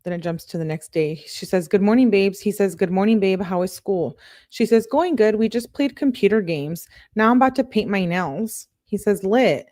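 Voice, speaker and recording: A woman's voice: mid-range voice, normal speed, a little mellow, no echo, clean studio sound. A woman true-crime YouTuber reading text messages aloud, with casual commentary in between.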